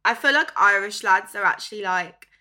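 A young woman co-hosting a casual chat podcast, playful and chatty and quick to laugh. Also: mid-range voice, animated, bright, forceful tone. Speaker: podcast co-host.

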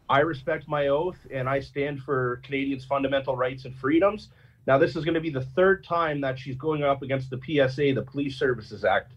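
Husky man on a dull lo-fi mic. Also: medium pitch. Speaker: panel guest. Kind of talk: casual political chat.

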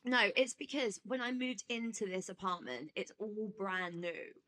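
A bright, forceful woman in her thirties trades quick jokes as a podcast co-host. Her talk is casual, full of banter and laughs. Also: medium pitch. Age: 30s. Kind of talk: casual chat.

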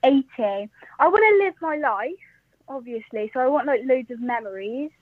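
A woman's voice: high-pitched, lively intonation, normal speed, no echo. A sixteen-year-old girl from South Wales calling in to a live stream, nervous and giggly. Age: teens, 16. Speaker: caller. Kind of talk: casual phone call. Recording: dry tinny phone line.

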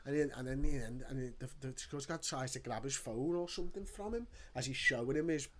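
A man telling a story in casual chat, animated and ranting, swearing often. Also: medium pitch, quick pace.

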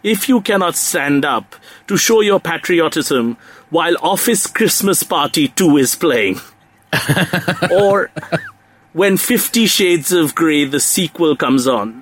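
A man, his voice pitched a little high, delivers satire in a mock-earnest, ironic tone. He chuckles at his own lines as he goes. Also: lively intonation, slow pace, fairly bright tone, slight background noise. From India. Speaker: comedy podcast co-host. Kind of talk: satirical comedy chat.

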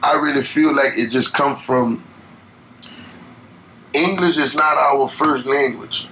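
Gravelly young man with a Louisiana accent. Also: medium pitch, takes it slowly, pushed and bright, a little hiss or hum, rough recording. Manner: laid-back, rambling, many fillers. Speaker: guest. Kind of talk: casual interview chat.

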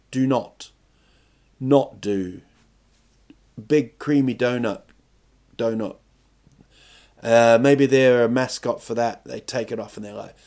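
A man's voice: mid-range voice, darkish tone. A man hosting a podcast, telling a comic story in a rambling, self-mocking way. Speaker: podcast host.

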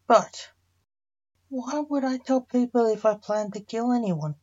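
A woman's voice: a little high, unhurried, a little mellow, voice pushed up. A woman reading a reluctant sorcerer on trial. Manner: reluctant, awkward answers. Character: reluctant male sorcerer defendant. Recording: dull lo-fi recording.

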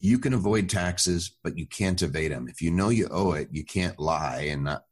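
A man's voice: sits low, moderate pace, husky. A man talking as a tax advisor guest on a podcast, explaining in a confident, plainspoken way. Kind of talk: podcast interview.

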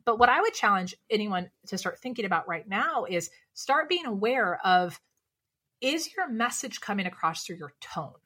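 Bright-voiced woman coaching on speaking. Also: medium pitch, moderate pace, slightly rough. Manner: lively, coaching, asks rhetorical questions. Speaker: speaking coach and podcast guest. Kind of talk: casual podcast conversation.

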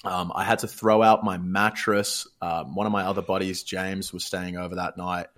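A man's voice: low-pitched, little pitch movement, normal speed, a bit bright. A young Australian man telling a long story in a casual chat, rambling and swearing freely.

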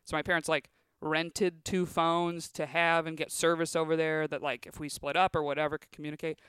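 A woman's voice: low voice, flat delivery, a little fast, a bit bright, clean tone, no room sound. A woman in her thirties, a comedian guest, telling stories in a rambling, casual way full of filler words on a podcast. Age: 30s.

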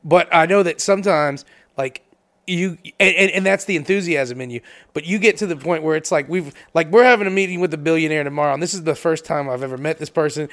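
A man talking quickly in crude, laughing banter, pitch a bit higher than most men. He teases and jokes through loose casual conversation. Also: a bit bright. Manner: fast, laughing, teasing banter. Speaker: podcast co-host.

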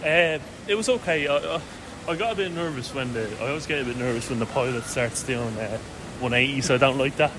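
A young man co-hosting a banter podcast, talking in halting, self-deprecating bursts with the odd blunt outburst. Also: mid-range voice, noisy background. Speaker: podcast co-host. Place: outdoors in busy public areas. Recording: crowd chatter behind, outdoors.

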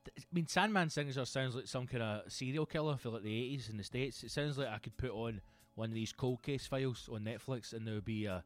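A Scottish man hosting a comedy podcast, telling sweary, animated stories in a monologue. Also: medium pitch, fast, soft background music. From Scotland.

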